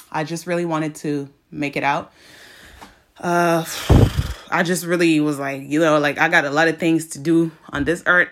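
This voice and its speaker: A young woman hosts a podcast, sharing her own experience in a casual, emotional chat packed with fillers. Her voice is fairly low-pitched and a bit bright.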